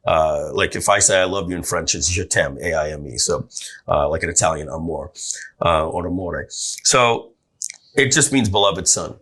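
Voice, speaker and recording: Animated storytelling man, bright voice. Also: sits low, normal speed, husky. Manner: animated storyteller acting out quotes. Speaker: guest entrepreneur. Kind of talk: storytelling interview.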